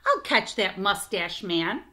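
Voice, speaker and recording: A woman's voice: medium pitch, sing-song, slow pace, sharp tone, heavily acted. A woman voicing a bold young elephant boy in a children's storybook, calling out. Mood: determined.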